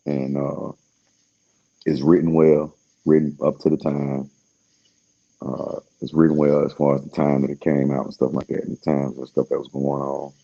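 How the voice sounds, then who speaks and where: Man, very low and husky, casual rambling talker, lo-fi sound. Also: dark tone. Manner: laid-back, slangy, trailing off with fillers.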